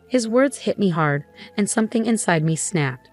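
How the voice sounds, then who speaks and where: A woman narrating a personal drama story in the first person, in an even, steady way. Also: mid-range voice, moderate pace, faint music behind.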